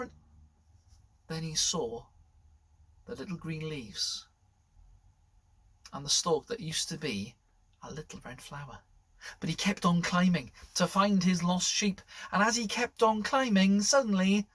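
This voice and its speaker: A man presenting a school assembly, telling a story to children in an animated way that drops to whispers. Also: sits high, measured pace, long pauses, breathy edge.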